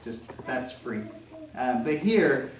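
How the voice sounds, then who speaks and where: A man's voice: medium pitch, lively intonation, takes it slowly, roomy sound, far from the mic, slight background noise. A man with a faint Southern American accent, preaching a sermon as pastor in a conversational way, with joking asides and acted-out quotes. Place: church sanctuary.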